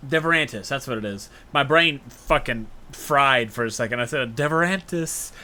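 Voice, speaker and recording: A man's voice: medium pitch, normal speed, pushed and bright. A man co-hosting a casual gaming podcast, rambling through a game's story and acting out characters' lines as jokes. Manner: rambling game recaps with joking acted-out quotes. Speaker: podcast co-host.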